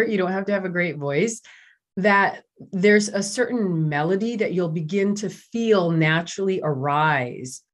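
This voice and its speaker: A middle-aged woman, a doctor guest in an interview, talking in an enthusiastic, chatty way with many fillers. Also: medium pitch. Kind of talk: casual interview talk.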